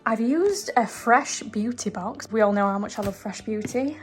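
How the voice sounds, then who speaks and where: A woman's voice: fairly high pitch, moderate pace, few pauses, faint music behind. A young woman, chatting to camera in a gushing, bubbly video-diary style with frequent laughs. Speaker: lifestyle vlogger.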